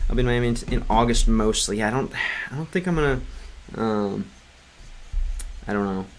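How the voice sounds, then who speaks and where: A man chatting casually on a livestream, rambling with many restarts and fillers and stopping now and then to sound out game text in halting learner's Russian. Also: lowish voice, animated, a little hiss or hum. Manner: clumsy Russian read aloud in a learner's voice. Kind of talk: casual livestream chat reading comments.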